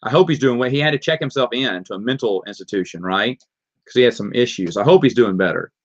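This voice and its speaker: A fast-talking man with a mid-range voice and a Southern accent casually answers viewer questions on a live stream. He reads the questions out and rambles through his answers, all in dull lo-fi stream audio.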